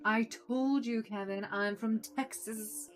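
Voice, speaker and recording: A woman's voice: fairly high pitch, steady tone, slow pace, soft background music, voice pushed up. A woman voicing a pretentious young male actor in a video game, sounding indignant and whiny.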